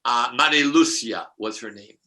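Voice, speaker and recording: A man's voice: mid-range voice, moderate pace, pushed and bright, rough recording. An older man, a numerologist guest, telling rambling spiritual stories with many restarts and laughs.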